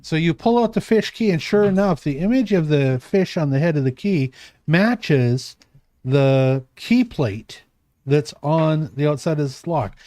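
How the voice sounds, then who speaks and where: A man's voice: fairly high pitch, measured pace, warm tone, no room sound. A man running a tabletop game as game master, narrating in a meandering, self-correcting way.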